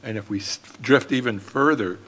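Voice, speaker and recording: A man preaching a sermon as pastor, in an earnest, steady manner. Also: medium pitch, normal speed, big-room sound.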